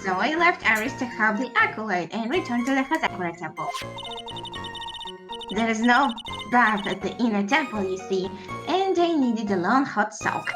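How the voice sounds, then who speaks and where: A woman's voice: a little high, big pitch swings, moderate pace. A woman voicing an older female head nun with a bad back, in a sweet, folksy, self-satisfied way, over game music. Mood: recounting.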